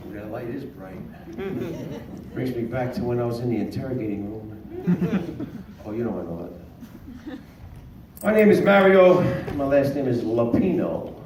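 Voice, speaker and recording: On a small comedy club stage, a man in his fifties performs stand-up with sharp joke delivery and character voices. He speaks at medium pitch and a moderate pace, expressive and pausing often, recorded from a distance in an echoey room with faint noise.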